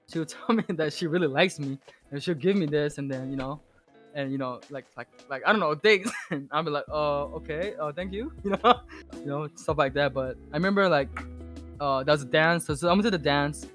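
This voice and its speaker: A man being interviewed as a podcast guest, telling a casual story full of swearing and restarts. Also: a little high. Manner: rambling, heavy swearing, animated retelling.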